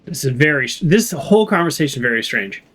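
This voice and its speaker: A let's play streamer with a West Coast American accent rambles chattily while playing and commenting on a game, full of fillers and laughs. His voice sits a little high and fairly bright, very animated and quick.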